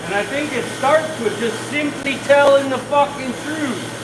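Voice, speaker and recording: A man's voice: extremely high pitch, a little slow, noisy background. A middle-aged man in his own workshop, ranting bluntly and swearing constantly in casual talk. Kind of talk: casual rant.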